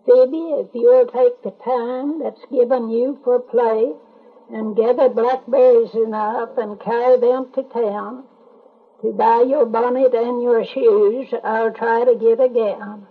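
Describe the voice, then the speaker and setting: An older woman voicing a hardworking poor father who kindly promises his little girl a gown, in a husky voice. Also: on the high side, fairly even intonation, slow pace. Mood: earnest. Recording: tinny lo-fi home tape.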